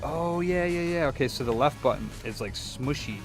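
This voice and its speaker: A young man chatting casually as he fixes a controller, rambling through a story, swearing and mimicking people in a higher voice. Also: lively intonation, moderate pace, music in the background. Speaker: repair shop vlogger. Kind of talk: casual chat while repairing a controller.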